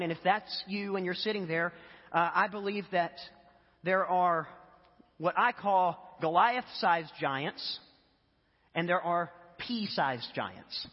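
A man's voice: high voice, measured pace. A man who is a pastor, giving a sermon in a loose, conversational storytelling way with fillers. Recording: echoey hall, dull lo-fi sound.

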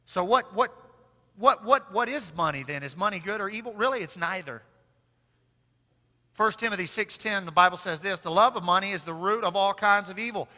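A male pastor preaching a sermon. He swings between loud, emphatic declarations and quiet, intimate asides, in what sounds like a church sanctuary. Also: sits high, normal speed. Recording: long hall reverb.

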